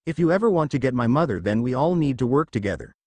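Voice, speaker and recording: A cocky young male hero speaks offhandedly with a lively pitch, read by a man narrating a storybook. The recording is close and dry, with no room sound, and the hero sounds sure of himself. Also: quick pace, no room sound. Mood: offhand. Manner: offhand, self-assured.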